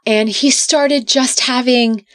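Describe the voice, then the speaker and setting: A woman's voice: high voice, steady tone, takes it slowly, a bit bright, dry recording, clean studio sound. A middle-aged woman talking earnestly as a podcast guest, sometimes repeating words as she restarts. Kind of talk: casual interview talk.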